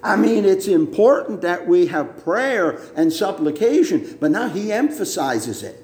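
Emphatic preacher in an echoey room. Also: male voice, high-pitched, big pitch swings, a little mellow. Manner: emphatic, repeats words, slow deliberate teaching. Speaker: pastor. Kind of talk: sermon. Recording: roomy echo.

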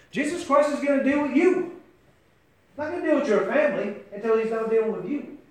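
A man preaching a sermon with great passion, swinging from shouts to near-whispers and calling his listeners by name. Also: extremely high pitch, echoey room.

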